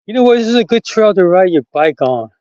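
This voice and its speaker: A chatty, rambling man talks into his camera while out on a country trail. His voice sits a little high for a man and laughs come easily. The sound is dull and lo-fi, dry and close, with no room around it. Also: sing-song, fast, warm tone, no room sound. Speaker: vlogger. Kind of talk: casual walking vlog. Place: outdoors on a rural trail.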